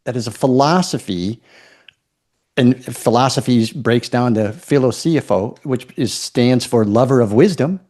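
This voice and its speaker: Middle-aged male guest, mid-pitched voice, reflective and measured, restarts his phrases. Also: a little mellow. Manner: thoughtful, repeats words as he restarts. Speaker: podcast guest. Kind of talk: reflective interview talk.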